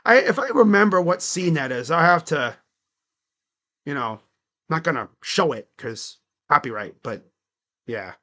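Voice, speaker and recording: Lively high-voiced young man calling a game. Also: measured pace, pauses often. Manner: rambling, slangy, chatty asides between play calls. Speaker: live play-by-play streamer. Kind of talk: casual live reaction commentary.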